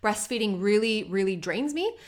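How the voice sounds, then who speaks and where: A young adult woman hosting her own podcast, talking unscripted and candidly with chatty, animated asides. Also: medium pitch, normal speed. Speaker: podcast host. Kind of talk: unscripted solo podcast talk.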